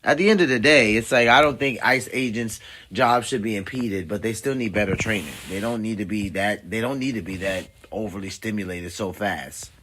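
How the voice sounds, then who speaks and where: A man's voice: on the low side, normal speed, background noise. A man hosting a livestream, commenting casually and conversationally, rambling with many fillers. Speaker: livestream host. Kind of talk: casual reaction stream commentary.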